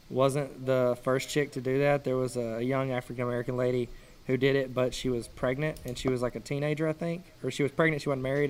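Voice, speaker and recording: A man's voice: mid-range voice, clean tone. Joking man on a podcast. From Texas. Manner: quick joking rants. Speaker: math teacher and podcast co-host. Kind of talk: casual podcast chat.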